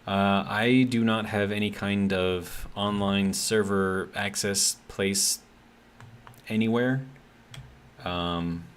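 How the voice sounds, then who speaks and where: A man's voice: on the low side, fairly even intonation, slow pace, slight background noise. A man streaming a game live, talking casually and reading chat messages aloud, in an easygoing, hesitant way with lots of ums and self-corrections.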